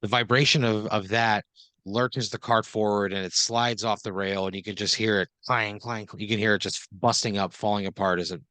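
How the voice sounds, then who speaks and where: A man's voice: fairly low pitch, fairly even intonation, normal speed, bright, forceful tone, clear, resonant tone, no echo. A man improvising a comedic second-person story on a podcast, rambling loosely with lots of fillers.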